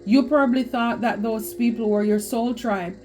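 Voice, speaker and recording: A woman's voice: fairly high pitch, moderate pace, darkish tone, soft background music. A woman giving a spiritual tarot reading, talking emphatically and repeating phrases for stress. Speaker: tarot reader.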